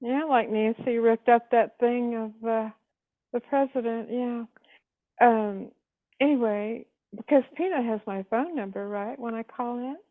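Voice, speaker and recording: A woman's voice: on the high side, a little slow, dry recording. An older woman from California calling in by landline, rambling with many ums and uhs. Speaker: caller. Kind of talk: casual phone call. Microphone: landline phone. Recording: tinny landline phone call.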